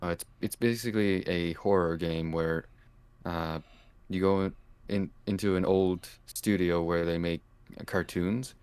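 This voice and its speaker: Calm Canadian male guest, very deep and smooth, unhurried and hesitant. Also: no echo. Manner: calm, hesitant, many fillers. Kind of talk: casual interview chat.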